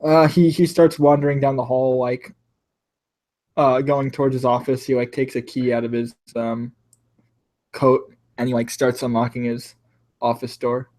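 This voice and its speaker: A man's voice: mid-range voice, flat delivery, moderate pace, darkish tone. A man narrating as game master in a casual, filler-heavy way, saying like a lot.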